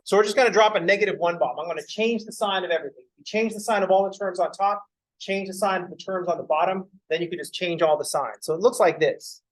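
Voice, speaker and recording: A young man lecturing on math talks fast in a slightly high voice, heard on a rough recording from a classroom. He keeps things loose and joking, veering into rants and casual swearing until he picks the lesson back up.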